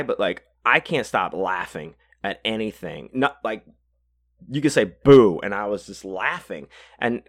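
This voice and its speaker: A man's voice: fairly low pitch, a bit bright. A podcast host, a man, telling a long story in a casual, rambling way, swearing freely and stopping often to restart his sentences. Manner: rambling, profane, many fillers and restarts.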